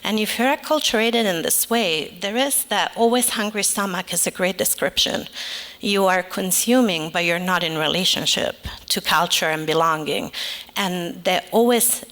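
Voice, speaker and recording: A middle-aged woman from Italy with an Italian accent, talking in a lively way as an author guest at a live onstage conversation, often tagging "right?". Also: lowish voice. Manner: animated, quick, often tags "right?".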